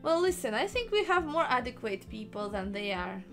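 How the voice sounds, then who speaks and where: High, lively woman streamer teasing her team. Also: normal speed, faint music behind. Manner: playful, teasing, laughs often. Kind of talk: casual live gaming chat.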